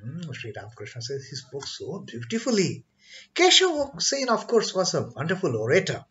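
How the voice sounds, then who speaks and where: Man explaining scripture, lively pitch. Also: a little fast, lo-fi sound. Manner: explains by rephrasing and repeating himself. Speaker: scripture reader and teacher. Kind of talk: scripture reading with spoken commentary.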